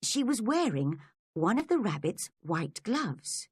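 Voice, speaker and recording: A woman narrating a storybook for English learners in a clear, deliberate reading. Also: mid-range voice, sing-song, a little mellow, dry recording, studio quality.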